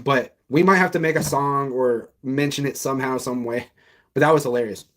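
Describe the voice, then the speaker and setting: A man's voice: medium pitch, fairly quick, a bit bright. A young man in casual reaction commentary, talking loosely in slang and laughing often as he reviews a song. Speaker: music reviewer.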